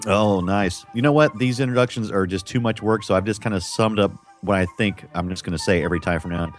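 A man's voice: lowish voice, quick pace, soft background music. A man co-hosting a casual movie podcast, making wry, sarcastic remarks. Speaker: podcast co-host. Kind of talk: casual film podcast chat.

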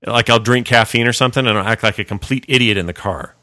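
Bright-voiced podcast dude joking around, laughs a lot, dry close mic. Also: male voice, mid-range voice, fast talker, no room sound. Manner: joking, laughs often, rambling. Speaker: podcast co-host. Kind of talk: casual chat.

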